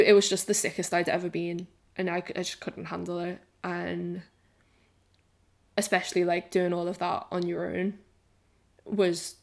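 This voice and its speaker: A woman's voice: lowish voice, vocal fry. Woman in her 20s, podcast co-host, candid rambling chat. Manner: candid and rambling, swears, says "like" a lot. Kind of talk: casual chat.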